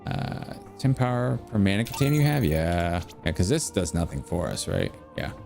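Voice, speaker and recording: Low, creaky and a little mellow, a middle-aged man's voice is very animated at normal speed. He streams gameplay, chatting casually and rambling through anecdotes with many fillers, faint music behind.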